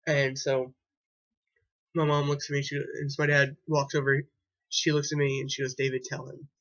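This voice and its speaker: A man's voice: fairly high pitch, monotone, normal speed, fairly bright tone, muffled recording. A young man telling a personal story to camera in a rambling, hesitant way, often restarting and repeating himself. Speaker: vlogger.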